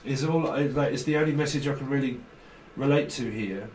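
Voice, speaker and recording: A man's voice: mid-range voice, moderate pace, darkish tone, echoey room, recorded from a distance, slight background noise, poor audio. A man giving a casual tarot reading, rambling and blunt, swearing freely. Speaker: tarot reader.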